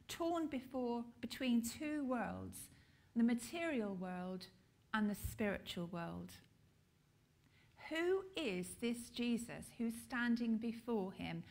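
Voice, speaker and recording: A woman with a British accent preaching a sermon, slow and deliberate with emphatic pauses. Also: fairly high pitch.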